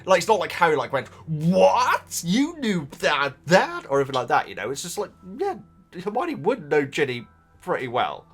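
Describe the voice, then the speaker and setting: A man's voice: fairly high pitch, big pitch swings, quick pace, fairly bright tone, breathy edge, faint music behind. A man who hosts, chatting casually as he reads out viewer comments, rambling, stopping himself and laughing often. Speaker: host reading viewer comments. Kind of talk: casual chat to camera.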